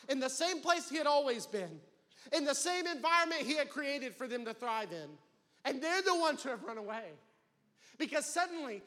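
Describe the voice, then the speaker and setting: A man preaching a sermon as campus pastor, swinging between loud calls and hushed pleading. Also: very high voice. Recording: long hall reverb.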